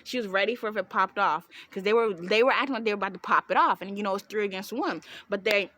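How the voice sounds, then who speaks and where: A young woman telling an animated storytime, breaking into laughs and shouts as she goes. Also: mid-range voice, quick pace. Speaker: vlogger.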